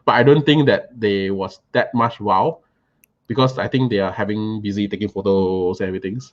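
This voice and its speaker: A man telling an animated, casual story about a meal, often repeating and restarting words. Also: fairly low pitch, normal speed, muffled recording.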